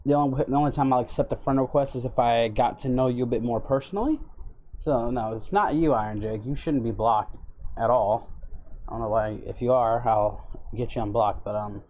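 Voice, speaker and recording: A man's voice: mid-range voice, a little fast, lo-fi sound, slight background noise. A man chatting casually on a livestream in his own voice, laid-back and rambling as he greets his chat by name. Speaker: livestreamer and voice impressionist.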